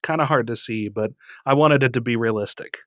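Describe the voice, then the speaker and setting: Male podcast host, easygoing, lots of laughs and fillers, mid pitch, dry close mic. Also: fairly quick, no echo. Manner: laughs often, trails off with fillers. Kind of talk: casual chat.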